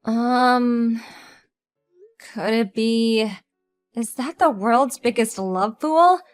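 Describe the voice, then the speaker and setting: A woman voicing a sharp-tongued divorced woman who mocks her ex-husband with cutting sarcasm. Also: on the high side, extremely slow, faint music behind. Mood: mocking. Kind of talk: audio drama acting.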